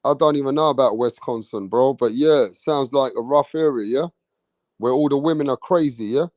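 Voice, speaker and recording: A man's voice: mid-range voice, a little fast, dry recording. Brash man hyping his livestream. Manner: brash, swearing, slangy, loud hype bursts. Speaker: livestream host. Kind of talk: casual livestream chat reading viewer comments.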